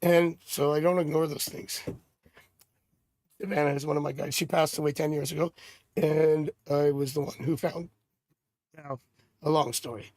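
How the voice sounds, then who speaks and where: A man's voice: a little high, steady tone, moderate pace, pauses often, a little mellow, no echo. A middle-aged man hosting a live tarot stream, chatting casually and drifting off into rambling personal stories. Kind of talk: casual livestream chat.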